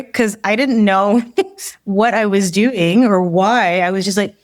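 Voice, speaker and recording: A woman's voice: medium pitch, normal speed, a little mellow, no room sound. A woman in her forties, a leadership coach guest, telling her story in casual conversation, acting out quotes and laughing often. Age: 40s.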